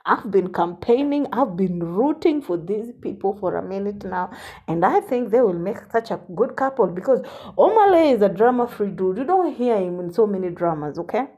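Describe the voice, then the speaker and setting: A woman's voice: mid-range voice, very animated, moderate pace, mellow, lo-fi sound. A woman hosting a celebrity gossip vlog, sassy and teasing, often saying honey.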